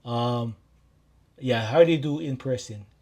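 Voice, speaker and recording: A man's voice: mid-range voice, a little slow. A man from Maui with a Hawaiian Pidgin-tinged accent, a life coach talking casually and directly to his listeners. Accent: Hawaiian Pidgin-tinged English. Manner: warm, repetitive, addresses listeners directly. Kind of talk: casual direct-to-camera talk.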